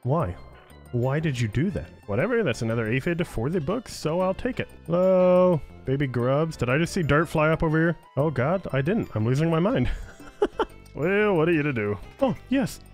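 A man's voice: fairly high pitch, animated, moderate pace. A man giving playful let's-play commentary, teasing the creatures he fights in the game. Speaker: gaming YouTuber. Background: game music.

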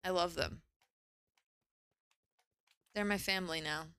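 Bright, excitable woman streamer. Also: fairly low pitch, slow pace, clear, resonant tone, dry recording. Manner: excitable, gushing, exclaims and swears often. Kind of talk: casual live gaming commentary.

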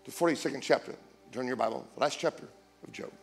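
Speaking fast over faint background music, a middle-aged man preaches as a guest, telling stories through his sermon. He's jokey and animated, performing the dialogue with wide swings in pitch.

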